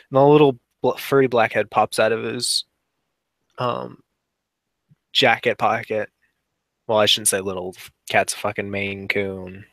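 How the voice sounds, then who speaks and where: A man's voice: lowish voice, level tone, measured pace, creaky, pauses often, a bit bright, no room sound. A man playing a tabletop game, describing his character in a casual, joking way. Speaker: player.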